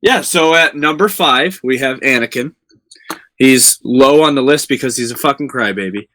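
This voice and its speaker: A man's voice: mid-range voice, moderate pace, fairly bright tone. A man guesting on a casual podcast, easygoing and blunt, swearing casually.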